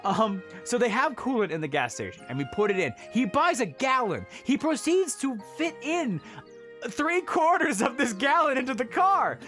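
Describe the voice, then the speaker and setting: Animated young man telling a story. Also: very high voice, moderate pace, soft background music. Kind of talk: casual story time chat.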